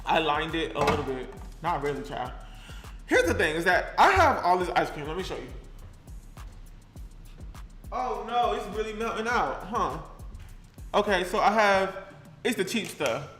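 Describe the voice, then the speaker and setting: A man's voice: high voice, expressive, moderate pace, long pauses, a bit bright, reverberant, faint music behind. A young man chatting sassily to the camera while he cooks, with a playful, easygoing manner. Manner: sassy, chatty, talks to the camera and to his things. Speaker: cooking vlogger. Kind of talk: casual cooking vlog.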